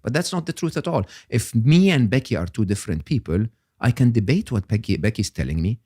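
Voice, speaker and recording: An older man, a guest on an interview podcast, explaining ideas in an animated, emphatic way and often checking in with "okay?". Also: fairly low pitch, fairly quick, no room sound, studio quality.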